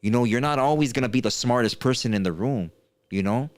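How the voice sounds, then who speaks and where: A man in his thirties hosting a podcast, telling a story in casual chat and acting out quotes with a higher voice. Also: a little fast, dry recording. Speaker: podcast host.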